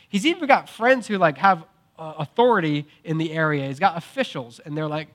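A young adult pastor preaches a sermon, telling the story in a casual, animated way with filler words and acted-out quotes. His voice is on the high side and his pace brisk.

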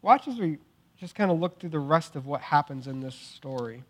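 A young adult pastor preaches in a loose, conversational way. His fairly high voice rises and falls a lot as he retells the story. He keeps it informal and lively, acting out the people in it. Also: normal speed. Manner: casual, animated storytelling with acted quotes. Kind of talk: sermon.

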